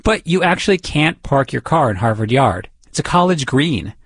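A man's voice: mid-range voice, big pitch swings, normal speed, fairly bright tone, husky, no echo. A man from the Boston area narrating a radio feature and interviewing people, curious and conversational. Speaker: reporter and narrator.

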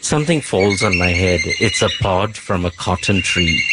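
A man with a low voice narrates a documentary scene in a calm, descriptive present tense. Insects and outdoor noise are clearly heard behind him.

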